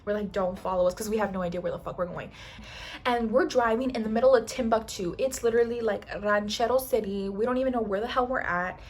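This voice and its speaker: A young woman chatting casually while doing her makeup, telling a long story in an animated, slangy way, swearing often and acting out other people's lines. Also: medium pitch, fast talker, a little hiss or hum. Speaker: beauty vlogger. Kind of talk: get-ready-with-me storytime.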